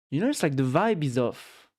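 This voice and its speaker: A man's voice: on the high side, darkish tone. A man livestreaming, chatting casually with viewers, rambling and repeating words while he searches for them, reading chat aloud and joking along. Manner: reads chat aloud and jokes with it.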